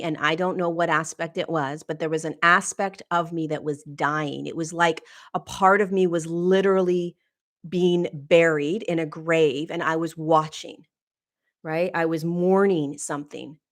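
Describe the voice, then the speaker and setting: Middle-aged woman talking straight, blunt and sweary, lowish voice, stumbles over words when it gets emotional. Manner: blunt and emphatic, swears freely, stammers when moved. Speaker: spiritual teacher and host. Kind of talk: candid personal monologue.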